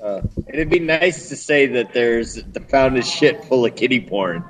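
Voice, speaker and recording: A man's voice: mid-range voice, lively intonation, unhurried, rough recording. A man joining a prank call show as a regular, joking around and agreeing in short yeahs. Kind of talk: casual chat.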